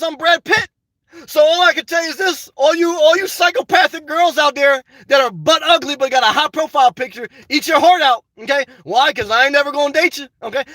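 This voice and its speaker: A man's voice: very high-pitched, pushed and bright, no echo. An older man hosting a casual live stream, reading viewer comments aloud and answering them by name in a blunt, unfiltered way, swearing freely.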